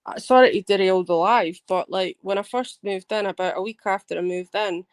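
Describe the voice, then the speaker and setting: A woman hosting a livestream, telling a rambling story in an animated way, swearing and restarting her sentences. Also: mid-range voice, a little fast, clear, resonant tone, no room sound. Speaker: livestream host. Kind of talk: casual livestream chat.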